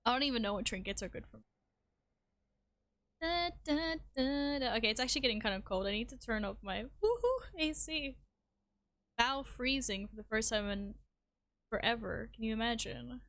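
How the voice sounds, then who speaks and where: A woman's voice: on the high side, expressive, fairly quick, a bit bright. A woman streamer chatting casually with her viewers while gaming, rambling and swearing freely. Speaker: game streamer.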